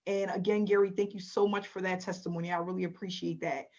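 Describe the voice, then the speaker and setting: A woman's voice: fairly low pitch, level tone, quick pace, darkish tone. A woman hosting an online webinar, upbeat and encouraging with her audience. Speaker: webinar host. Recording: dull lo-fi webinar audio.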